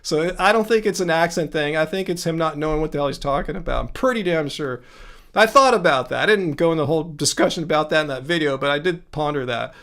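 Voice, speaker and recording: A man's voice: on the high side, fast talker, a bit bright. A man hosting a casual livestream, reading chat comments and arguing his point with sarcastic asides, often chuckling and restarting words.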